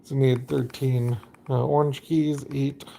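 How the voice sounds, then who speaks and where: A man's voice: mid-range voice, level tone, a little slow, gravelly, dark tone, slight background noise. A man casually narrating his game during a live stream, rambling and chatty with lots of fillers.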